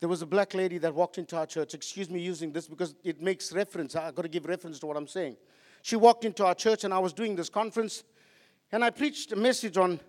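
High-voiced preaching man in a reverberant hall. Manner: passionate preaching, swinging from loud outbursts to quiet asides. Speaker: pastor. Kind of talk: sermon.

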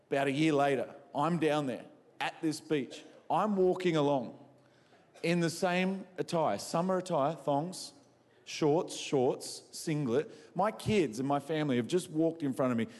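An Australian man preaching and telling funny stories, asking the crowd questions and poking fun at himself. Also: medium pitch. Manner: animated, quizzes the crowd, self-mocking. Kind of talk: humorous sermon storytelling. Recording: echoey hall.

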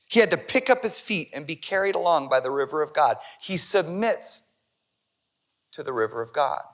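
A male pastor preaching an impassioned sermon that swings from hushed to loud. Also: a little high, animated, moderate pace.

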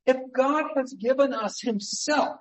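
Man, pastor, sermon, high voice, conversational preaching, slightly distant mic. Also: a little slow. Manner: conversational preaching, swings between emphatic and hushed.

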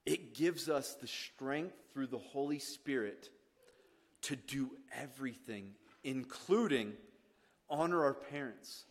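A man preaching a sermon as pastor, swinging from hushed lines to loud, emphatic ones. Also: medium pitch, slow pace, breathy edge. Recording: long reverb of a church hall.

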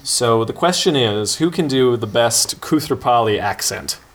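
A man's voice: medium pitch, expressive, a little slow. A man hosting a comedy table read, wry and self-deprecating, casting players and reading stage directions. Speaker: comedy writer and host. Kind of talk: improv comedy banter.

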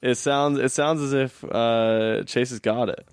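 A man's voice: medium pitch, steady tone, measured pace, clear, resonant tone, no room sound. A young man hosting a podcast in casual chat, easygoing and encouraging, teasing his co-host with a laugh in his voice.

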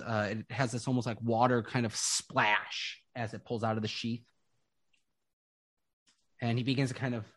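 A man narrating a tabletop game as game master, describing scenes slowly with lots of fillers. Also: medium pitch. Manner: slow, descriptive, rambling with fillers.

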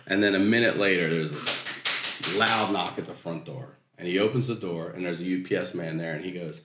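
A man from Maryland telling a profane, animated comic story as a guest storyteller, laughing through his punchlines. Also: low voice, fairly quick, roomy sound, noisy background. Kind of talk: comedic storytelling.

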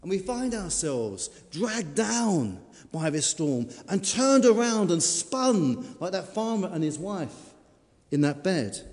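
A man's voice: high voice, sing-song, takes it slowly, darkish tone. Male preacher in a reverberant hall. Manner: storytelling, dramatic, varied emphasis. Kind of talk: sermon.

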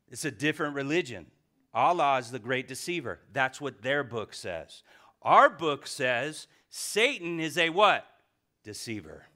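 Middle-aged male pastor, bright tone, sermon delivery with call-and-response questions, dynamic swings from loud to quiet. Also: medium pitch. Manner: preaching with questions to the congregation, swinging from loud to hushed.

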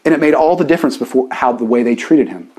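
A man in his forties preaching a conversational sermon as pastor, chatty and animated, with self-deprecating asides. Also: mid-range voice, fast.

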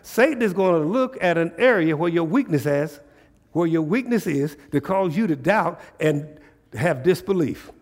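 A man's voice: a little high, lively intonation, moderate pace, a little mellow, in a large hall. A man preaching a sermon in a church, asking rhetorical questions and drawing call-and-response, in casual dialect. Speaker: pastor.

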